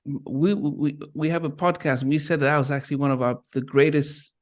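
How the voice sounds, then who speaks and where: Halting male host. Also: on the high side, fairly even intonation. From Liverpool, England. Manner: halting, many restarts and fillers. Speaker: podcast host. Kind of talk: casual interview chat.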